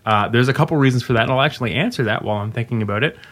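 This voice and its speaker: Podcast host, male, bright tense voice, rambling and upbeat, drifts into announcer delivery. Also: mid-range voice, rapid-fire. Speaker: game developer podcast host. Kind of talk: casual podcast chat.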